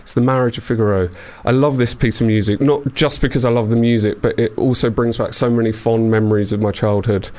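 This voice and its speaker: A man's voice: mid-range voice, steady tone, a little fast, few pauses, a little mellow. A man of forty hosting a casual podcast chat, rambling with lots of fillers and restarts. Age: 40s. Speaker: podcast host.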